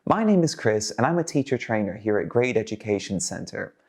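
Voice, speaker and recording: A man presenting as a teacher trainer in a scripted teaching video, energetic and modelling sentences for learners to repeat. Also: lowish voice, fairly quick.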